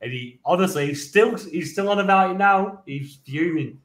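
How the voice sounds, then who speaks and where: A man, a podcast co-host telling a lively, rambling story, swearing freely and laughing along. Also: sits high, normal speed, echoey room. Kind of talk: casual anecdote telling.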